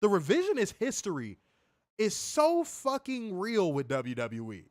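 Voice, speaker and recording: Animated, ranting man hosting a wrestling stream. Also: sits high, unhurried, no echo, studio quality. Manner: emphatic, profane, mocking. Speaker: wrestling show host. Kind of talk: casual profane rant on a livestream.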